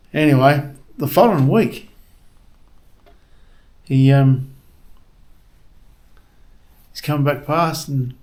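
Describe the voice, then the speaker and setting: A man's voice: a little high, a little mellow. Rambling man hosting a vlog. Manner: rambling, lots of ums and uhs. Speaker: vlog host. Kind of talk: casual vlog talk and joke telling.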